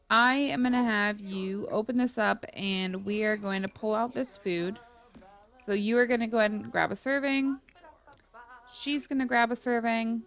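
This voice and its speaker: A woman's voice: a little high, vocal fry, a bit bright. A young woman chatting casually through her gameplay, rambling and full of fillers. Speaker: gaming YouTuber.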